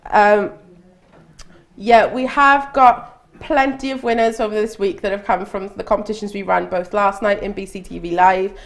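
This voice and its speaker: A woman hosting a casual live beauty chat show, chatty and quick to laugh, with many restarts. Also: mid-range voice, steady tone. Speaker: host.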